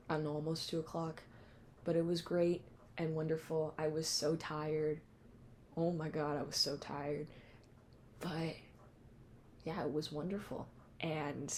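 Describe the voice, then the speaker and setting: Young woman rambling thru a vlog recap, lots of um and like, slightly low voice. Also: warm tone, slight background noise. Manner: chatty and rambling, lots of fillers and giggles. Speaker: vlogger. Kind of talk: casual concert recap vlog.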